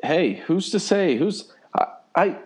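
A man's voice: high voice, lively intonation, a little slow. A man in casual chat, musing aloud with self-deprecating humor and a few restarts. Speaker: conversation partner.

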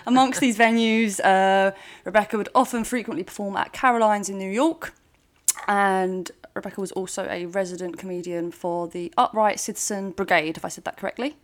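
A woman co-hosting a casual podcast, chatty and quick to giggle. She reads out a guest introduction and trips over names along the way. Her pitch sits in an ordinary middle range. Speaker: podcast co-host.

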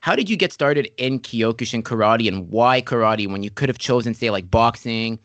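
A man hosts a podcast in a relaxed, chatty way, spinning anecdotes and jumping into quick impressions. His voice is mid-pitched and recorded dry and close, with no room echo. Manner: chatty storyteller, animated impressions. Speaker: podcast host. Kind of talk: casual interview chat.

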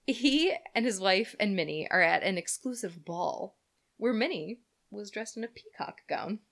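A woman's voice: medium pitch, lively intonation, unhurried, fairly bright tone. A woman co-hosting a podcast, telling a story in chatty, giggly casual talk. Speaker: podcast co-host.

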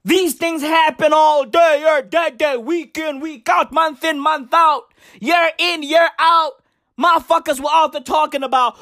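A woman delivering a profane comedic rant to camera, full of slang like "bruv" and "fam," with sudden shouted outbursts and big leaps in pitch. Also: unhurried, no echo, clean studio sound. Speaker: comedic vlogger.

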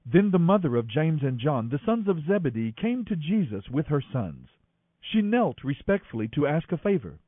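A man reading scripture aloud in an expressive, animated way. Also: a little high, moderate pace, no room sound. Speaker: scripture reader. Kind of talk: scripted narration. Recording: dry, thin phone-like audio.

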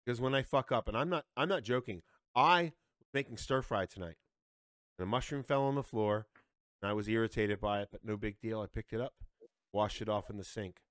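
A man's voice: on the low side, fairly quick, fairly bright tone, no room sound, clean studio sound. A man in his forties telling a story in casual podcast chat, swearing a lot and growing heated. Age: 40s. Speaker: podcast co-host.

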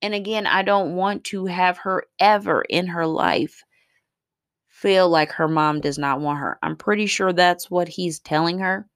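A woman's voice: lowish voice, fairly even intonation, unhurried, no echo, clean studio sound. A woman, a mother, venting in a casual vlog, blunt and profane, rambling with lots of fillers. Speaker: mother vlogging about her day.

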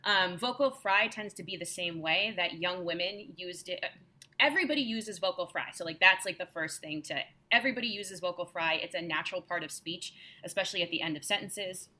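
A woman's voice: on the low side, brisk, bright, forceful tone. A young adult woman, a guest linguist, explaining things casually and patiently on a podcast, often adding "like" and "right?".

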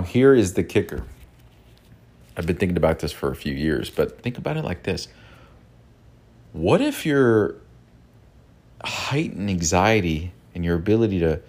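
Earnest, rambling man with a low voice. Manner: earnest, rambling, repeats words and restarts; animated, jumps high when imitating cartoon voices. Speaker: mental health podcast host. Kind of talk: casual personal monologue.

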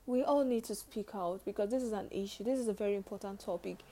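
A woman's voice: medium pitch, quick pace, dark tone. A young woman hosting her own podcast, talking earnestly and emotionally, often repeating phrases for emphasis. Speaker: podcast host. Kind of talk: personal podcast monologue.

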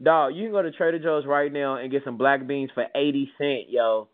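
A man telling a story in casual chat as a podcast co-host, animated and swearing, mimicking people. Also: mid-range voice, brisk. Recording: tinny phone-like audio.

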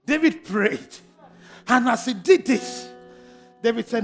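A man preaching a sermon with fervent repetition, building up to shouted blessings. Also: very high-pitched, animated, normal speed, gravelly, soft background music.

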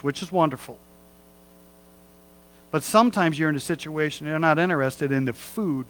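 A man's voice: a little high, a bit bright, rough recording. A middle-aged man preaching a sermon as pastor, in a folksy, conversational way with humorous asides.

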